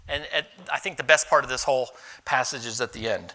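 A middle-aged man preaching a sermon as pastor, telling candid personal stories in an animated way. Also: medium pitch, fairly quick.

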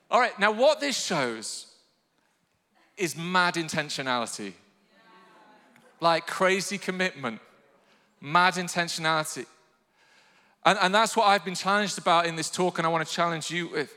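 Guy preaching, high bright voice, gets loud and fired up, big echoey hall. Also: animated, moderate pace, pauses often. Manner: passionate preaching, rising to shouted calls to the online congregation. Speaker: pastor. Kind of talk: sermon.

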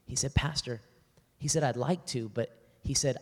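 Male pastor, animated storyteller, plays both sides of a dialogue, mid-pitched voice, long hall reverb. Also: normal speed. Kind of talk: church talk with storytelling. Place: church hall before a live audience.

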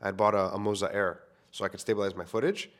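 A man's voice: on the low side, little pitch movement, quick pace, fairly bright tone. A young man, a filmmaker, talking casually into a microphone to his listeners, candid and self-deprecating, swearing freely. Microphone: studio microphone.

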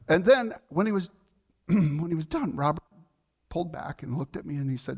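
A male pastor preaching a sermon in a conversational, earnest way, telling a personal story with fillers and restarts, and growing soft and quiet in tender moments. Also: lively intonation, a little fast. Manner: softens and lowers his voice in tender moments.

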